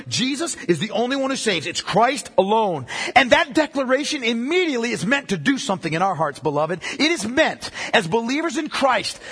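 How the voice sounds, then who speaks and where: A male pastor preaching a sermon, emphatic, repeating key phrases and dropping low for weight. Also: bright, forceful tone, husky. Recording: long reverb of a large hall.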